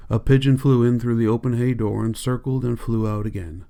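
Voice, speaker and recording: A man narrating an audiobook in a calm, measured reading. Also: medium pitch, creaky. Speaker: audiobook reader.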